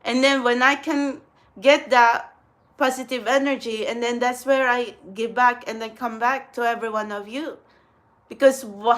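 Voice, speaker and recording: Her voice is on the high side and a bit bright: a young adult host of a spiritual channel chatting casually in a get-ready-with-me vlog, rambling bluntly with frequent swearing.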